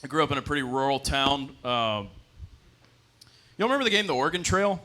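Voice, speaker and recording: On a comedy club stage, a man in his twenties performs a fairly quick stand-up set. He tells stories with deadpan asides and shifts into high-pitched voices to quote characters.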